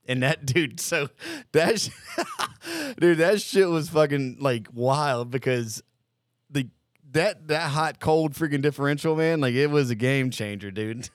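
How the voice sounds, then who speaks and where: A former Marine recruit, guesting on a podcast, tells boot camp stories in a rambling, laid-back, profane way. His voice is mid-range, and the recording is dry and studio quality.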